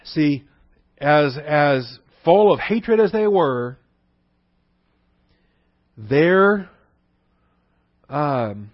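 A man teaching a Bible lesson in a conversational way, repeating phrases for emphasis and slowing down to spell out words. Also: on the high side, big pitch swings, dry recording. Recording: dull, dry lo-fi recording.

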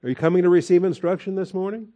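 A man's voice: high-pitched, fairly even intonation, rapid-fire, dark tone, highs cut off. A male pastor preaching a sermon in a conversational way, with fillers and rhetorical questions.

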